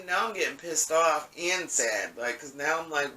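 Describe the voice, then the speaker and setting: A man's voice: fairly high pitch, normal speed, pushed and bright. Rambling, profane man in an echoey room. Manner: rambling, profane, full of "you know what I'm saying". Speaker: vlogger telling a story. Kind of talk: casual storytime monologue. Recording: echoey room, mic at a distance.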